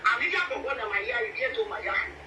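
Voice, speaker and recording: Nigerian woman, high and lively pleading talk, echoey distant room with steady noise. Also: quick pace. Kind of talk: casual pidgin talk.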